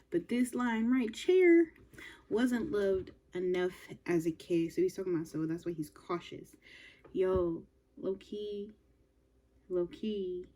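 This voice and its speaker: A young woman talks through a reaction video in a loose, chatty way, often talking to herself and slipping into whispers. Her voice is soft and mellow, with a husky grain to it. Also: mid-range voice. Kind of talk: casual reaction commentary.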